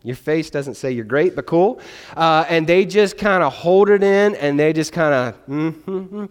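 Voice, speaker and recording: A man preaching a sermon, animated and conversational, acting out little exchanges in put-on voices. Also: on the high side, a little slow, clean tone. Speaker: pastor. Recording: long hall reverb.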